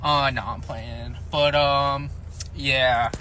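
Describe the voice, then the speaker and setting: A man's voice: mid-range voice, fairly even intonation, very slow, bright, forceful tone, slight background noise. A man talking in a laid-back, joking way with casual slang.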